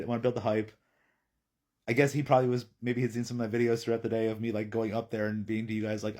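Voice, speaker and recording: A man telling a personal story in a chatty, animated vlog. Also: on the low side, fast.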